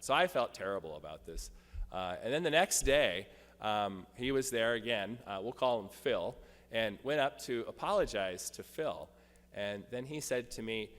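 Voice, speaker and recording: A man's voice: lowish voice, expressive, normal speed, a bit bright. A male pastor preaching a sermon, telling a personal story with light humor. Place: church sanctuary. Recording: long church reverb.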